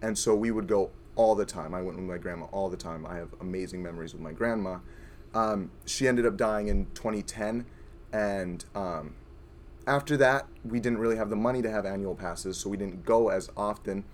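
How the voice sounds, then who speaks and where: Hoarse young man telling a personal story. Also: lowish voice, moderate pace, a little hiss or hum. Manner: earnest, rambling with fillers. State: hoarse, voice worn from screaming. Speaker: audience member sharing a story.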